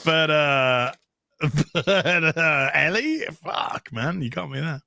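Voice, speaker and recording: A man's voice: on the high side, animated, takes it slowly, creaky, sharp tone. A British man hosting a casual livestream, reading out donation messages with crude, laughing banter. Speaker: host reading superchats.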